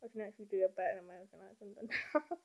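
A woman's voice: mid-range voice, expressive, rapid-fire, darkish tone, lo-fi sound. A teenage girl rambling through a doll review in her bedroom, hyper and giggly, filming one-handed on a handheld camera. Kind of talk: casual rambling vlog.

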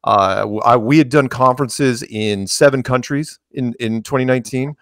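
A man's voice: medium pitch, moderate pace, fairly bright tone, no echo, studio quality. A man in casual conversation, telling long stories with many restarts and acted-out quotes. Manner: rambling, restarts, acts out quoted dialogue. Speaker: interview guest.

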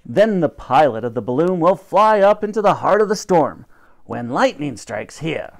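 A man's voice: a little high, very animated, normal speed, gravelly. A man voicing a grand, snappish old professor who commands and lectures. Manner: commanding, pompous, bursts of rising emphasis.

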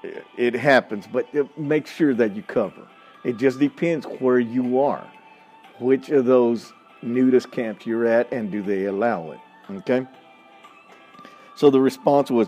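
Blunt folksy man, mellow voice. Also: mid-range voice, measured pace, dull audio, soft background music. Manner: blunt, folksy, laughs often, addresses listeners as y'all. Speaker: podcast host. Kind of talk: casual storytelling monologue.

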